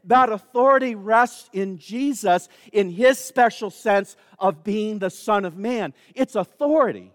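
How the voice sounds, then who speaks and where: A man's voice: high-pitched, unhurried, few pauses, no room sound, studio quality, big-room sound. A man preaching a sermon, emphatic and calling out to the congregation.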